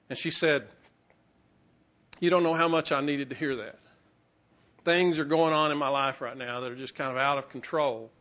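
Man, pastor, sermon storytelling, bright tone, muffled recording. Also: fairly high pitch, fairly even intonation, a little slow, long pauses. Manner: storytelling with self-mocking humor and quoted voices.

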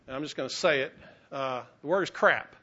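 A man preaching a sermon as pastor in a conversational, halting way, with many restarts and fillers. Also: medium pitch, sharp tone, dull audio.

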